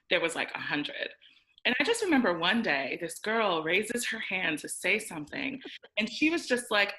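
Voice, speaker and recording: Bright-voiced young woman telling stories. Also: low-pitched, poor audio. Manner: animated storytelling, acts out quotes, many "like" fillers. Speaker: podcast co-host. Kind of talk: casual chat.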